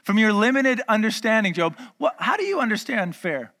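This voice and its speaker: A man's voice: sits high, sing-song, a little fast, a bit bright. A male pastor preaching a conversational sermon, acting out dialogue with humor.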